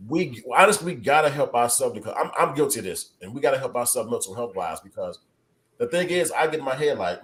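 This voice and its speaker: A man's voice: mid-range voice, expressive, fast, a little hiss or hum. A man co-hosting a casual podcast discussion, speaking candidly with plenty of profanity and repeated words for emphasis. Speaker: podcast co-host.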